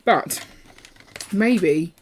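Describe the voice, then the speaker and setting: Background noise sits under this woman's lowish, animated voice, which moves very slowly. She co-hosts a live building stream, chatting playfully and switching topics while she builds and reads viewer messages aloud.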